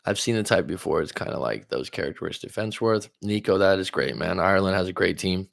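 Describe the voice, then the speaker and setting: Here the relationship coach from California has a low, gravelly, expressive voice and talks a little fast. On his casual live stream he reads viewer comments aloud and answers in a rambling way, full of fillers and restarts.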